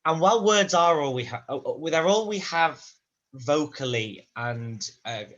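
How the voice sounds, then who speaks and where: A man's voice: on the high side, animated, unhurried, fairly bright tone, highs cut off. A man in a language-practice conversation, speaking thoughtfully and rambling, often restarting his sentences, over a video call. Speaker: language student in a conversation class. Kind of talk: casual spoken-practice conversation.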